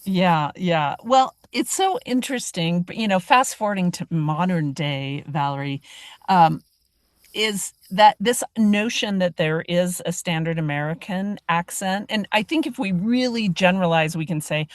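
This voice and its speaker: A woman hosts a podcast interview in a chatty, self-deprecating manner. Her voice sits somewhat low for a woman. The sound is dry, with no room echo. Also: animated, a little slow. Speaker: podcast host. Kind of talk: casual interview chat.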